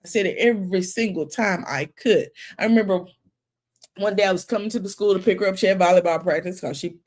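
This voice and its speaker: A woman in her 40s hosts a commentary channel, talking quickly in a mid-range voice. Casual, animated, preachy and folksy, she tells stories and keeps calling her viewers "baby."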